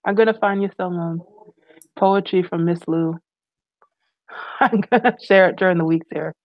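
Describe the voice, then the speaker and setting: A woman's voice: on the low side, moderate pace, no echo, muffled recording. A middle-aged woman talking frankly in a casual discussion over a video call.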